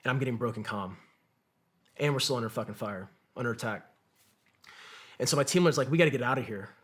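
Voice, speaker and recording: A fast-talking combat veteran with a medium-pitched, slightly rough voice recounts his war story on a podcast. Cursing freely, he acts out what others said and keeps the conversational story vivid and profane.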